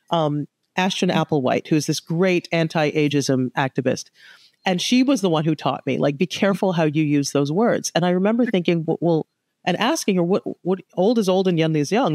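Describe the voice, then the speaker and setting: Animated woman in her fifties, dry sound. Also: on the low side, dry recording. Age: 50s. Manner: animated, acts out quoted dialogue. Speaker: guest author. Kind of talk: conversational interview.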